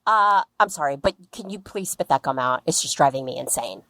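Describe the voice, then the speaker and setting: A woman's voice: extremely low pitch, lively intonation, a little fast, pushed and bright, no echo, pitched below the performer's own voice, full character voice. A woman voicing a blunt, fed-up midwife in a story, close to her own voice. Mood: exasperated. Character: stern, fed-up female midwife.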